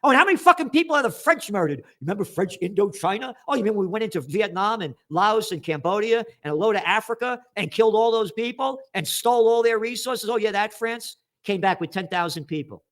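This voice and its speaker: Here the man's voice is high, a little fast, with few pauses. He reads out headlines and ridicules each one, his news commentary angry, sarcastic, and laced with swearing.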